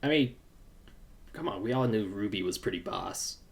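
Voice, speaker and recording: A man hosting a casual podcast chat. He speaks haltingly and acts out quotes with sudden excited jumps in pitch. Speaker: podcast host and video reactor.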